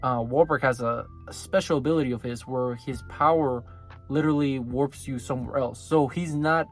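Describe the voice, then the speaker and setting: A man giving a casual, rambling recap of an anime episode, full of fillers and quick laughs. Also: medium pitch, faint music behind. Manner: loose, filler-heavy, laughs often. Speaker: anime reviewer.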